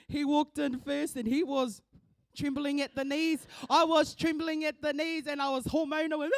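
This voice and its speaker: A middle-aged New Zealand woman with a high, bright pitch shares heartfelt family memories at a church funeral. Her talk is warm and emotional, and she drops Māori words in as she goes. The sound is close and dry. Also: vocal fry, no echo. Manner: warm, laughing through tears, mixes in Māori words. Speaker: eulogy speaker, daughter of the deceased. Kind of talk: emotional storytelling at a funeral service.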